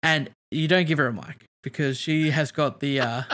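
Teasing South Australian man, slightly high. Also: moderate pace, a bit bright. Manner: teasing, jokey interjections. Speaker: podcast co-host. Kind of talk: casual chat.

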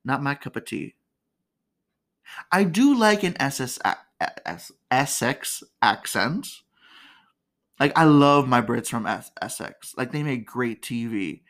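Chatty woman with lively pitch. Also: takes it slowly. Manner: chatty and candid, laughs often. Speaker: podcast host. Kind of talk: casual comedic commentary.

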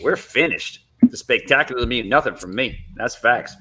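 A man's voice: mid-range voice, expressive, over a noisy crowd. A man co-hosting a late-night podcast, joking and laughing with his guests. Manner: joking, quick laugh, chummy. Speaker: co-host.

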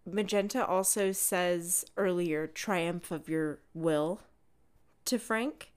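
A woman's voice: lowish voice, slow pace, clean tone. A woman co-hosting a podcast, chatting casually about a film and acting out lines from its scenes. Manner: animated, acts out quotes from scenes. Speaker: podcast co-host.

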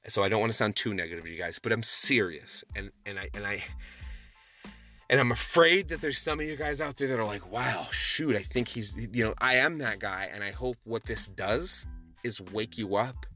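A man's voice: fairly low pitch, bright, forceful tone, soft background music. Passionate, emphatic man podcasting solo. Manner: passionate, emphatic, talks fast with many restarts. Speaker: podcast host.

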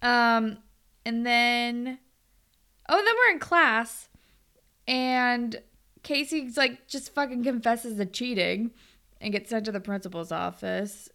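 A young woman talks through a TV episode in relaxed, gossipy chat. Her voice is bright and forceful, sitting a little high, and she swears and laughs freely as she goes. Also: slow, clean tone. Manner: chatty, swears often, laughs a lot. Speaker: podcast co-host. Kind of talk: casual recap chat.

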